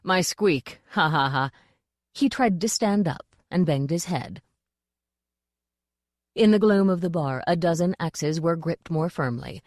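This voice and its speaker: Low-voiced woman narrating an audiobook. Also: unhurried, dark tone, no echo, studio quality.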